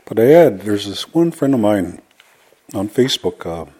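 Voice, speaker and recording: Man, husky voice, lowish pitch, relaxed teacher, repeats phrases slowly. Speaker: Cree language teacher. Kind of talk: casual spoken language lesson.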